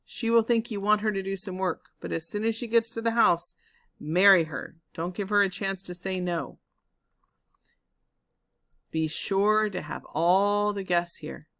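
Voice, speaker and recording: A woman reading a storybook aloud, voicing a bossy rich male farmer who barks orders loudly and schemes. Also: medium pitch, a little slow, vocal fry, dry recording. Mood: scheming. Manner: loud, barking orders.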